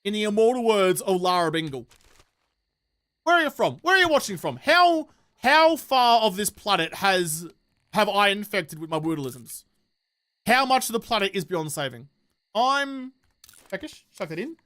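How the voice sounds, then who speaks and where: A man's voice: high voice, sing-song, moderate pace, a bit bright. A man with an Australian accent, chatting casually and jokily with his live-stream audience as he plays a game, rambling and throwing in slang and the odd swear.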